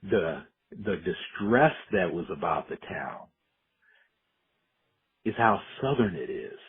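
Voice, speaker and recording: A man's voice: low-pitched, big pitch swings, slow, husky. A man from Decatur, Illinois, an educator, telling his life story in a reflective oral history interview with frequent restarts. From Decatur, Illinois, USA. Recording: muffled phone-like audio.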